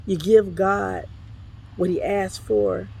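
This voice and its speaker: Outdoors by the water behind an apartment complex, an apostle and ministry overseer records a casual devotional on her phone camera. Her mid-range voice is gravelly, a little mellow, and slightly rough, delivered slowly with fairly even intonation. Still, her style is folksy and exclamatory as she calls her listeners "honey" and "y'all."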